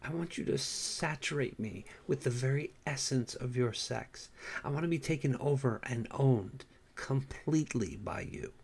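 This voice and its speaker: A submissive young man pleading eagerly, as the narrator voices him. The voice sits at a middling pitch, close to the reader's own. It comes from an audiobook reading. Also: expressive, moderate pace, darkish tone, husky. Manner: begging, eager.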